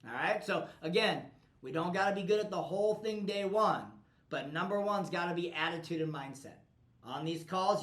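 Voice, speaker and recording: A man's voice: high voice, a little fast, roomy sound, low-quality recording. A man coaching his team in a blunt, profane motivational talk. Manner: forceful, profane, pushy.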